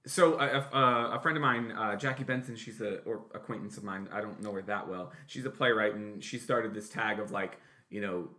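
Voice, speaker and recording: Bright-voiced man rambling casually. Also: fairly low pitch. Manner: rambling, many fillers and restarts; swears casually. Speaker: podcast co-host. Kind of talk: casual chat.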